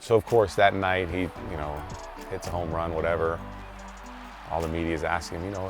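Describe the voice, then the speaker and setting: A former teammate telling a dry, wry anecdote in an interview. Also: male voice, low-pitched, little pitch movement, quick pace, music in the background.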